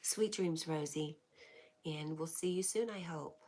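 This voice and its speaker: A woman hosting a livestream, reading out chat messages and answering them in an affectionate, soft-spoken way that often slips into a whisper. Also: low voice, a little slow. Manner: warm, affectionate replies with frequent laughs. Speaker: livestream host.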